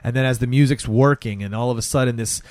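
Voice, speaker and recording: A man talks through a film's plot in loose, profane chat, his voice at an ordinary middle pitch. He jumps into the characters' lines as he goes. The recording is dry, with no room sound. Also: quick pace, no room sound. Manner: animated retelling, acting out characters' lines. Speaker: podcast co-host recapping a film.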